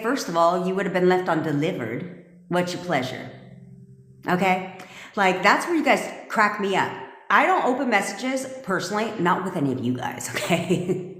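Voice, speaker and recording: A woman's voice: mid-range voice, a bit bright. A woman manifestation coach talking to her live stream audience, blunt and emphatic, swearing freely. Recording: echoey room with long reverb.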